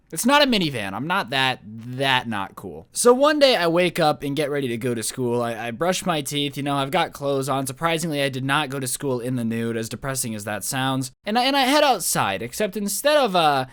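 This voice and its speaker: A young man tells a storytime on his channel, quick and jokey with plenty of slang. He rattles along at a very fast pace. His voice sits a little high for a man. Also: clear, resonant tone. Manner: energetic, joking, slangy. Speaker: YouTuber. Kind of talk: storytime vlog.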